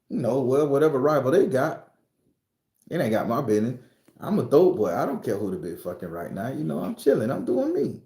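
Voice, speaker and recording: A man's voice: mid-range voice, moderate pace. Southern florida guy telling a spooky story, cussing, acting out voices, roomy echo. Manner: profane, animated, acts out quoted voices. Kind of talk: casual spoken storytelling.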